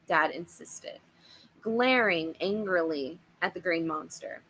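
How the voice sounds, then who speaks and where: A woman reading a children's horror book aloud in an expressive, animated way. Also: lowish voice, takes it slowly, husky, low-quality recording. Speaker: storyteller.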